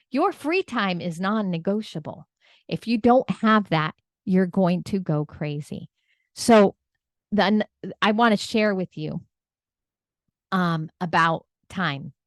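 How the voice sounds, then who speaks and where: Middle-aged woman coaching, low-ish voice, chatty and earnest, dry close sound. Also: dry recording. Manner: earnest, conversational, tag questions. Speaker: real estate coach. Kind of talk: motivational teaching talk.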